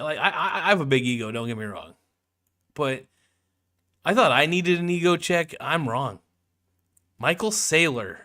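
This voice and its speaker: A man's voice: a little high, fairly bright tone. A man giving casual, rambling video commentary in a sarcastic, mocking tone, full of restarts, profanity and jokey asides. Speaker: video creator.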